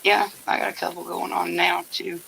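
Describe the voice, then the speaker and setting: A man's voice: high voice, flat delivery, normal speed, gravelly, bright, forceful tone, a little hiss or hum, low-quality recording. An older man hosting a casual livestream from home, telling stories bluntly with swearing and laughter. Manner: blunt, profane storytelling with laughter. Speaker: livestream host. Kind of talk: casual chat.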